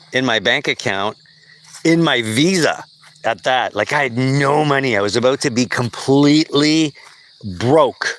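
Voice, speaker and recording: A man's voice: medium pitch, a bit bright. A man hosting a podcast, telling a personal story in a blunt, profane, casual way. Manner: blunt and profane, with frequent swearing and fillers. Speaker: podcast host.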